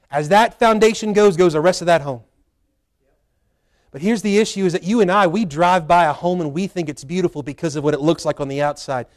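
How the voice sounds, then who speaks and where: A pastor preaching a folksy sermon in church, with quoted asides and a prayer. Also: male voice, high voice. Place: church sanctuary.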